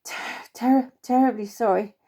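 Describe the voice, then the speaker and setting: A woman's voice: mid-range voice, normal speed, dark tone, lightly acted. A woman voicing a formal, old-fashioned male bird major who speaks in clipped, proper phrases. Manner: clipped, formal, stiff-upper-lip phrasing.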